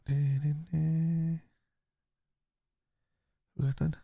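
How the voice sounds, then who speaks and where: A man's voice: fairly high pitch, level tone, extremely slow, vocal fry, dark tone, no room sound, studio quality. A man hosting a live fan watchalong, reading out and answering viewer chat in a blunt, casual way, swearing freely. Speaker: fan channel host.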